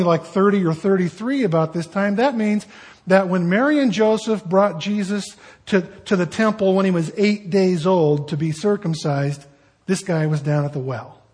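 Husky high-voiced preacher man. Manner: conversational, emphatic, rhetorical questions. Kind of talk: sermon.

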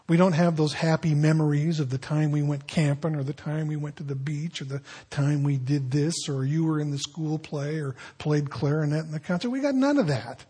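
An older man preaching a candid, confessional sermon, dropping at times into quiet, reflective tones. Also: fairly high pitch, normal speed, few pauses, slightly rough. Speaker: pastor.

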